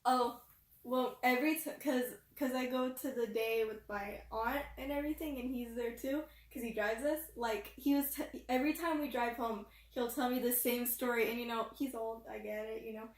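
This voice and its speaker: A woman's voice: fairly high pitch, fairly even intonation, normal speed. A teenage girl talking casually about her family, hesitant and full of "like". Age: teens. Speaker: daughter. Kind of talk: casual chat. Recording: echoey room.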